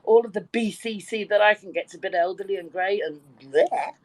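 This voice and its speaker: A woman's voice: mid-range voice, a little fast, darkish tone, no echo, rough recording. A woman in her sixties from Birkenhead with a London accent, telling bawdy stories and laughing often in a casual group chat. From Birkenhead, England. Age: 60s. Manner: bawdy, chatty storyteller who laughs often.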